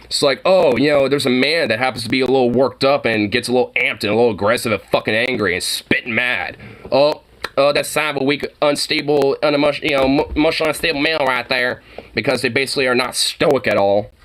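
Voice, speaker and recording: Speaking fast in a medium, steady, slightly bright voice, a male vlogger unloads on camera. The rant is heated and meandering, packed with profanity and endless "you know"s and "like"s.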